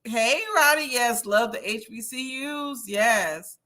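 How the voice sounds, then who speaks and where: Bright-voiced, gossipy woman host, a bit tipsy. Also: on the high side, slow. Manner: chatty, gossipy, laughs often. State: a little tipsy. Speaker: host of a reality-TV review livestream. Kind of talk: casual livestream chat reading viewer comments.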